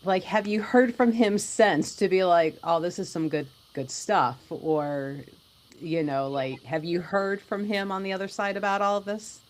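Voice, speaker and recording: A woman's voice: on the low side, steady tone, unhurried. Woman asking rambling casual questions. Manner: loose, hedging questions. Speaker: interviewer. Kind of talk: casual conversation.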